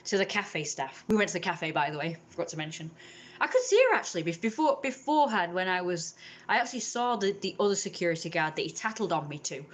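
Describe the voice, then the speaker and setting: Rambling woman telling a grievance. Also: fairly low pitch. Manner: rambling, indignant, acts out others in raised voices. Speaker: vlogger. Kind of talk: casual storytelling to camera.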